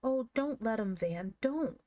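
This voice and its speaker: A woman's voice: lowish voice, animated, unhurried, a little mellow, dry recording. A woman voicing a blunt, plain-spoken little boy in a storybook reading. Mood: frightened. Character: cool then fearful little boy.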